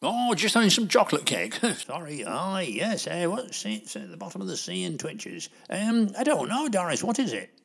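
A man's voice: high-pitched, wildly swooping pitch, moderate pace, creaky, hardly any pauses, fairly bright tone, slightly rough, full character voice. An actor playing a nervous, giggly older railwayman phoning in to a radio show. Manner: giggly, hesitant.

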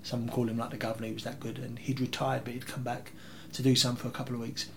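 A man, telling rambling, animated anecdotes as an interview guest. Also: medium pitch, racing, vocal fry, slight background noise. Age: 30s. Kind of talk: casual interview storytelling.

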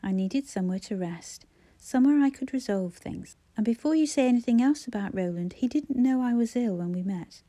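A woman voicing a frail, dying woman who speaks softly and tenderly, often near a whisper. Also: fairly high pitch, fairly quick, few pauses, dry recording, close to an everyday voice. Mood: resolute.

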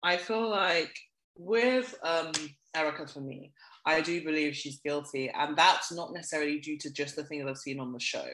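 A podcast co-host in casual chat, blunt and gossipy, laughing often and getting animated when indignant. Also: mid-range voice, moderate pace, roomy sound, slight background noise, rough recording.

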